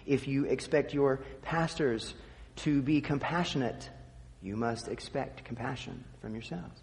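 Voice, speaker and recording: A man's voice: mid-range voice, measured pace, vocal fry, a little mellow, slight background noise. Man preaching in a reverberant hall. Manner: teaching, emphatic repetition with dry asides. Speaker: pastor. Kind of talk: sermon.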